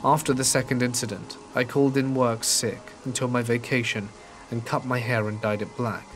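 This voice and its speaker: A man reading a first-person horror story aloud in a calm, measured way, as scripted narration. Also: mid-range voice. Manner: calm, measured storytelling meant for falling asleep. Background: rain falling.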